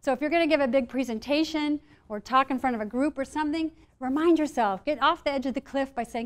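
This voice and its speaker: A woman with a slightly high voice speaks to a live room of listeners about stress resilience. Her delivery is lively and playful, and she slips into little acted inner voices to make her points. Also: fast, few pauses. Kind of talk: live presentation to an audience.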